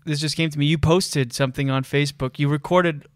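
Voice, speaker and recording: A man's voice: fairly high pitch, steady tone, brisk, dry recording, clean studio sound. A man hosting a podcast, asking loose, chatty questions full of filler words. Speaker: podcast host. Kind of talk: casual interview chat.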